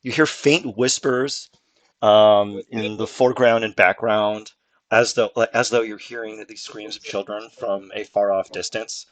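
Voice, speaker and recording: A man's voice: fairly low pitch, unhurried. Guy running a tabletop game, describing gross stuff gleefully, laughs a lot. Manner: animated, laughing, gleefully grotesque. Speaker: game master. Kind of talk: improvised tabletop narration.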